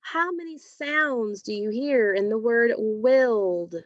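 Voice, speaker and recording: Slow, encouraging woman phonics teacher. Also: a little high, no echo. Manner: stretches out and repeats single sounds, encouraging. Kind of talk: slow, clearly enunciated phonics lesson. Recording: dry, dull lo-fi recording.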